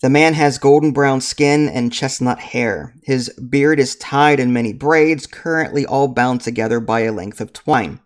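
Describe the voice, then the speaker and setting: A man reading a storybook board game aloud in a relaxed way, with dry self-mocking asides. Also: mid-range voice, a little slow, hardly any pauses. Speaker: game host reading to a partner.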